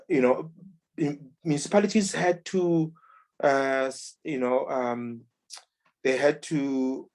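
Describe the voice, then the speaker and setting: A man in a book club discussion, talking casually and retelling events with lively quoted voices and many restarts. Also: medium pitch.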